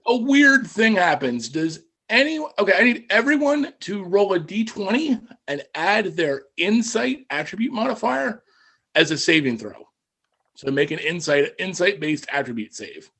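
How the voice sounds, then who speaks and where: Ein Mann als Spielleiter, eher hohe Stimme. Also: male voice, sits high, vocal fry, slightly rough. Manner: relaxed, wry, with halting restarts. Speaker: game master. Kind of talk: narrating a tabletop game over voice chat.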